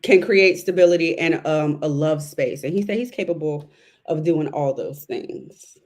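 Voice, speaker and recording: A woman's voice: low-pitched, normal speed. Laid-back woman recapping scenes. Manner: relaxed storytelling with fillers, retells scenes. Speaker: podcast co-host. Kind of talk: casual recap chat.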